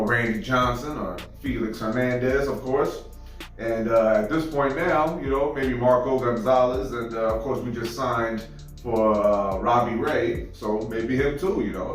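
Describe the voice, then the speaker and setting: A man's voice: medium pitch, very echoey, distant mic, rough recording. A man hosting a reaction video, talking in a laid-back, rambling way full of fillers. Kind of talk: casual reaction commentary.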